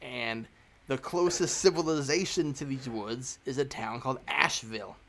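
A man voicing a gruff, short-tempered rural Southern truck owner with a Southern US accent, blunt and drawling. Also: mid-range voice, normal speed, a bit bright, natural voice. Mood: explaining. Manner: blunt, drawling, swears casually.

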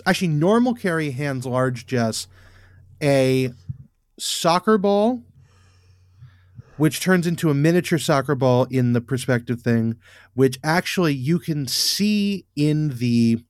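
Podcast guy excitedly recapping a show, keeps restarting sentences, dead dry mic. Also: mid-range voice, dry recording. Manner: eager, stumbling restarts when excited. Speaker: podcast co-host. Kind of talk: casual chat recapping a TV episode.

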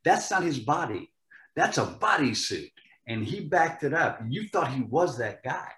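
A man's voice: on the high side, unhurried. Older man telling stories in a roomy space. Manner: animated, repeats words when starting sentences. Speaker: actor guest. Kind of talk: storytelling in a casual interview. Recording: roomy echo.

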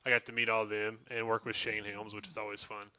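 A man's voice: fairly low pitch, little pitch movement, fast talker, a crowd in the background, poor audio. A man in casual chat, recounting events in a rambling way with many fillers.

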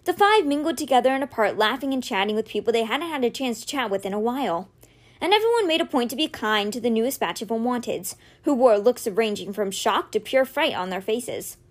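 A woman reading a children's fantasy novel aloud with expressive storytelling narration. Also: fairly high pitch, fairly quick. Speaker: audiobook reader.

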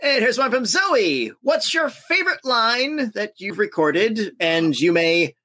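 An upbeat moderator reading fan questions at a convention panel. The voice is bright and husky and moves all over the place in pitch. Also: big pitch swings, slow pace.

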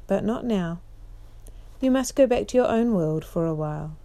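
A woman voicing a great wise male lion in a bedtime storybook reading, speaking slowly, gravely and quietly. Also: mid-range voice, animated, close to an everyday voice.

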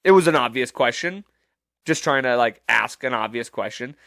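A man's voice: medium pitch, lively intonation, normal speed, pushed and bright, dry recording, studio quality. A man hosting a podcast, telling a story in a rambling, profane, incredulous way with many restarts. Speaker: podcast host. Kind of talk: casual storytelling monologue.

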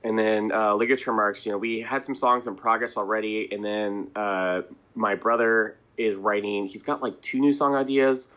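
A man's voice: fairly low pitch, fairly even intonation, normal speed, a bit bright. A man talking at length as a guest in a casual interview, rambling and chuckling between thoughts. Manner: rambling, chatty, chuckles and clears throat. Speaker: band member, interview guest. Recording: dull lo-fi audio.

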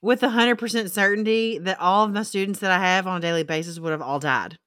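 A woman guest on a casual movie podcast, a teacher making blunt, quick remarks. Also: mid-range voice, a bit bright, smooth, no echo. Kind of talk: casual movie review chat.

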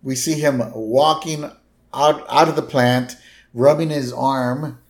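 A man co-hosts a podcast, retelling a cartoon plot in an easygoing way. He drops wry comments between the story beats. His voice sits at an ordinary middle pitch. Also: fairly even intonation, takes it slowly. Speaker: podcast co-host. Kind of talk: casual chat recapping a cartoon episode.

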